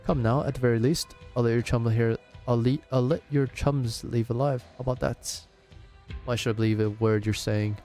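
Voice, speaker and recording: A man's voice: medium pitch, fairly even intonation, moderate pace, mellow, faint music behind, close to an everyday voice. A man voicing a smug, scheming aristocrat, reading game dialogue aloud with mocking politeness. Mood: menacing. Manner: overly polite, mocking formality.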